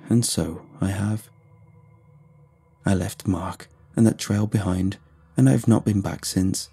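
A man narrating a scripted horror story in a steady, measured way. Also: low voice, gravelly, husky, faint music behind.

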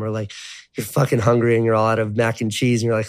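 Speaking quickly in a steady, medium-pitched voice, a man in his thirties recounts his life as a guest on an interview. The storytelling is casual, meandering and profane, packed with "like."

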